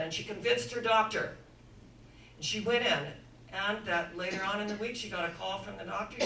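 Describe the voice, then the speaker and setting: Bright-voiced woman preaching in echoey room. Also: medium pitch, fairly even intonation, fairly quick, far from the mic, slight background noise. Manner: dramatic storytelling, swinging from hushed to loud. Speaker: inspirational speaker. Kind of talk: sermon-like storytelling talk.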